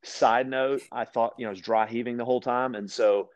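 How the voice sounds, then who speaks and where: A Louisiana man, appearing as a guest, tells animated stories in a casual chat, often restarting sentences and acting out the voices he quotes. His voice is mid-range and a little fast.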